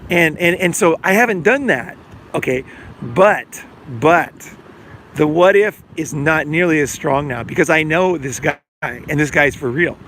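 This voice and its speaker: Hosting his podcast, a middle-aged life coach with a slightly high, somewhat bright voice wanders through a casual, filler-heavy monologue. He acts out dialogue when quoting people, and a little hiss or hum is present.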